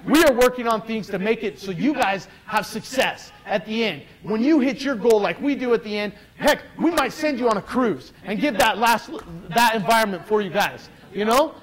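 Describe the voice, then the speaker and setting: A man's voice: high voice, animated, normal speed, few pauses, poor audio. A man speaking as a guest to a live group, giving an earnest, emphatic motivational talk full of restarts and direct questions to the audience. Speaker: guest speaker addressing a weight-loss group.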